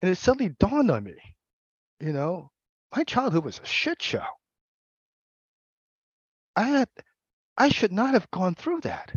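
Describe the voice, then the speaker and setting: A man giving a personal recovery share at a support meeting, speaking candidly and haltingly, repeating words and laughing. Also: sits high, huge pitch swings, breathy edge, dry recording, muffled recording.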